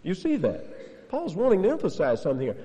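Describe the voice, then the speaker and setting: A man's voice: high-pitched, huge pitch swings, fairly quick, warm tone. Emphatic preacher man in a reverberant hall. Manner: emphatic, repeats key phrases, chuckles now and then. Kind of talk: expository sermon.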